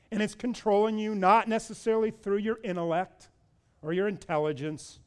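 A man with a high voice delivers a sermon as pastor. He leans on rhetorical questions and stacks repeated phrases that climb to loud, urgent appeals.

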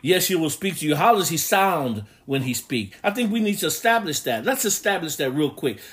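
Emphatic male preacher, slightly high voice. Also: lively intonation, brisk, fairly bright tone. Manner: preaching with rising emphatic bursts and scripture readings in old English. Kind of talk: sermon.

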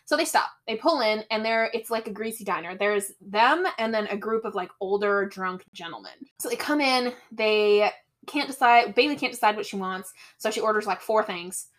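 A woman's voice: mid-range voice, normal speed. A young woman co-hosting a podcast, animatedly retelling a book's plot and mimicking its characters. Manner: animated storytelling, mimics characters, laughs often. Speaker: podcast co-host. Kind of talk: casual chat comparing book and movie.

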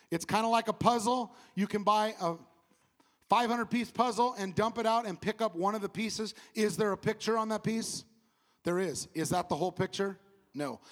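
Southern pastor, high-pitched man, animated sermon delivery with call-and-response and self-deprecating laughs. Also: in a large hall.

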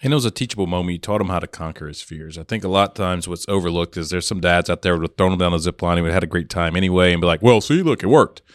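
A man's voice: deep voice, steady tone, rapid-fire, few pauses, clean tone, no room sound, clean studio sound. A man co-hosting a podcast in a casual way, chiming in with wry, teasing asides. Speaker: podcast co-host.

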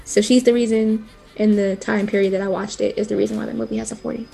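A woman's voice: medium pitch, flat delivery, fast talker, creaky, dark tone, soft background music. A young woman co-hosting a podcast, talking casually and laughing easily. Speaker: podcast co-host. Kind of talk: casual chat.

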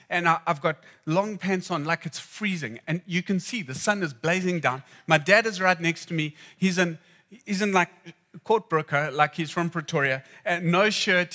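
Man, preacher, from Zimbabwe, bright voice, storytelling sermon, hushed then loud. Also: sits high. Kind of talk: sermon with personal stories.

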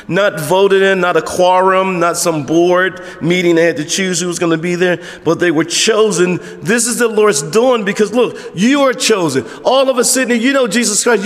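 A man with a notably high voice delivers a sermon as pastor in a church sanctuary, his words ringing with long reverb. He preaches emphatically but conversationally, throwing rhetorical questions to the congregation.

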